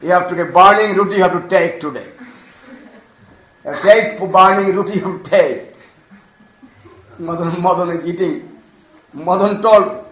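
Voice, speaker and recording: A man telling a devotional story in simple English, animated, acting out the characters' voices and laughing often. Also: sits high, moderate pace, pauses often. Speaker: storyteller preacher. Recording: echoey room.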